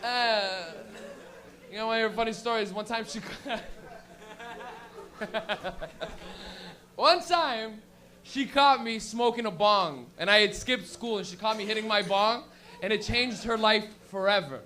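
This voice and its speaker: A man's voice: high-pitched, slow, long pauses, bright, forceful tone. A young man doing a stand-up comedy set on a club stage, telling stories with profanity and laughing at his own jokes.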